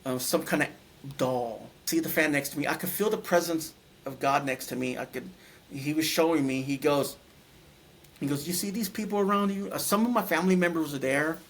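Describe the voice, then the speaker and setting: Halting, emotional man, somewhat high voice. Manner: halting, many restarts and repeated words. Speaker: guest sharing a near-death experience. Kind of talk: emotional personal account.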